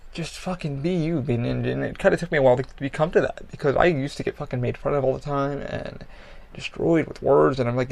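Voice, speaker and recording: A man's voice: mid-range voice, vocal fry, darkish tone. A man hosting a podcast, speaking bluntly and profanely in a candid, conversational monologue with frequent restarts. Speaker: podcast host.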